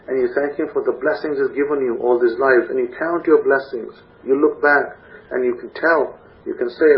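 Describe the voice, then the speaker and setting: A man preaching in a steady, emphatic rhythm, circling back to the same phrases to drive each point home. His pitch sits in an ordinary middle range. The recording sounds a little muffled and lo-fi. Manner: repetitive, emphatic preaching cadence. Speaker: rabbi. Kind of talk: sermon.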